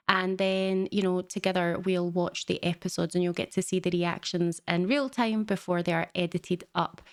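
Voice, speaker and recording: Young woman, reaction host, chatty and rambling, smooth voice, dry close mic. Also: medium pitch, no room sound. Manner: chatty, rambling, lots of fillers. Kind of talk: casual reaction recap.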